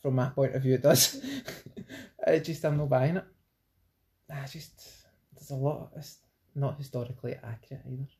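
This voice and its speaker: A woman's voice: a bass voice, steady tone, normal speed, warm tone. A woman co-hosting a podcast, teasing her partner with chuckling banter in casual chat. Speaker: podcast co-host.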